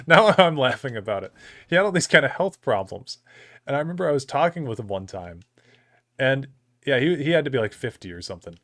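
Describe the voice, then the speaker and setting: A man's voice: mid-range voice, very animated, fairly quick, a bit bright, no room sound, studio quality. A young man streaming, telling a rambling anecdote about an old coworker and laughing often as he talks. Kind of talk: casual storytelling on a live stream.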